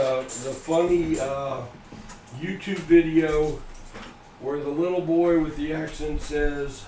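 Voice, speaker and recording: A middle-aged man chats in a folksy, easygoing way as he hosts a livestream. His voice sits a bit high. He sounds distant from the mic, in an echoey room with background noise. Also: steady tone, slow. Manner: chatty, folksy, laughs at his own jokes. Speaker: coin hunting livestream host. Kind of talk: casual live-stream chat. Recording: echoey room, from far off, noisy.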